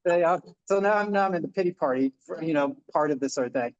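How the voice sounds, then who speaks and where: A man's voice: on the high side, quick pace. A man, a Buddhist minister, giving an informal dharma talk in a chatty storytelling way, with many fillers and restarts. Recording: dull lo-fi sound.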